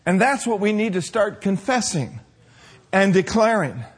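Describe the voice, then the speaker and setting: A male preacher delivering a sermon, stretching out key phrases and building to forceful declarations. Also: high voice, big pitch swings, husky. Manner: emphatic, drawn-out declarations, rising to shouts.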